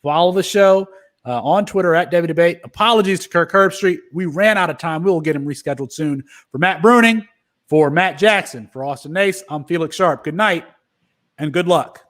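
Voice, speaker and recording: A man hosting a casual sports podcast, his voice a touch higher than most men's. He runs the show in an upbeat, easygoing way, tossing questions to guests and closing out the episode. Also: brisk, a bit bright. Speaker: podcast host.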